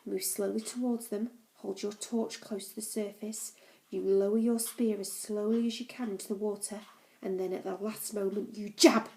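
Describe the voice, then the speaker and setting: A woman's voice: medium pitch, fairly even intonation, normal speed, vocal fry, mellow, natural voice. Woman reading as a blunt jungle explorer. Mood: commanding. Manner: blunt, commanding instructions. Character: brisk gruff adult male jungle explorer.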